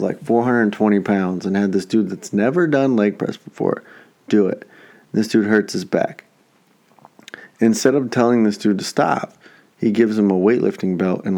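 A young man co-hosting a podcast, telling a story in a casual, profane, animated way. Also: lowish voice. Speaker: podcast co-host. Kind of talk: casual chat.

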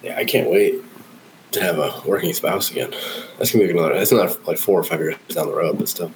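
Easygoing man with a very deep voice. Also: fast talker, a little hiss or hum, rough recording. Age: 20s. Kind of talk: casual chat.

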